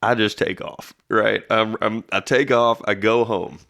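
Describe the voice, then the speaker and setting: A man co-hosting a podcast, telling a childhood story in a relaxed, chatty way and laughing as he talks. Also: on the low side, measured pace, vocal fry. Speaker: podcast co-host. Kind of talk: casual storytelling chat.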